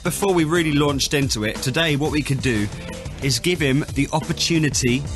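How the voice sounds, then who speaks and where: A man's voice: on the high side, fairly quick, music in the background. Cheeky male radio host telling a story. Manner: cheeky storytelling, mock-tough. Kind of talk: breakfast-radio chat. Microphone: studio microphone.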